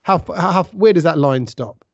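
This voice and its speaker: A man's voice: a little high, animated, moderate pace, dry recording, muffled recording. A man co-hosting a podcast who teases the others and steers the chat. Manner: teasing, banters and steers the talk. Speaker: podcast co-host. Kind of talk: casual chat.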